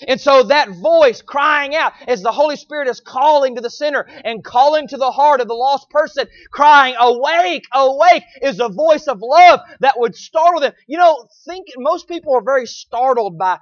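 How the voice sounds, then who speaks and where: A man preaching a sermon, repeating phrases and swinging between loud pleading cries and low, quiet lines. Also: expressive, normal speed, few pauses, no echo, dull audio.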